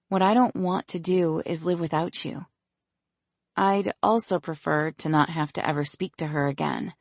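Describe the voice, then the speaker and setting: An audiobook narrator voicing an anxious, emotional young woman in love, speaking hesitantly and softly. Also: medium pitch, gravelly, no room sound.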